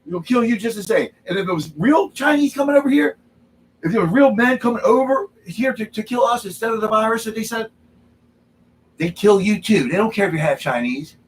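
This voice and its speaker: A man's voice: high voice, brisk, a little hiss or hum, low-quality recording. A man hosting a drinking livestream, ranting angrily and repeating himself, tagging his points with "okay?". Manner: angry, repetitive ranting, keeps tagging "okay?". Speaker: livestream host. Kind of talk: drinking-show rant. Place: home studio.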